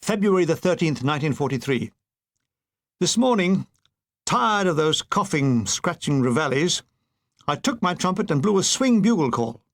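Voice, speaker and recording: A man's voice: fairly high pitch, big pitch swings, moderate pace. An older man reading his own war memoir aloud, with dry comic timing. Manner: dry comic delivery with brief put-on voices. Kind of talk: audiobook narration.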